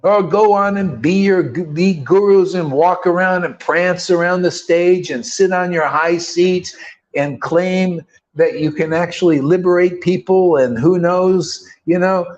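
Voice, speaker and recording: Male preacher: emphatic, casual and rhetorical. High voice, dull lo-fi sound. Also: a little slow. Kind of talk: sermon. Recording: dull lo-fi recording.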